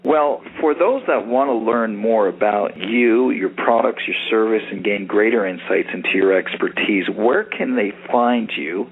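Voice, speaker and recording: A man hosting a panel discussion, speaking in a measured, gracious way. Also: fairly low pitch. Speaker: host. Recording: tinny phone-like audio with faint hiss.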